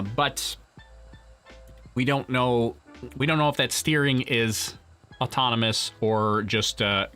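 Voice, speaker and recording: A man's voice: mid-range voice, bright, forceful tone. A man hosting a live launch stream, chatting casually and answering viewer questions, rambling with frequent restarts and laughs. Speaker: livestream host. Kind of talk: casual live commentary reading chat.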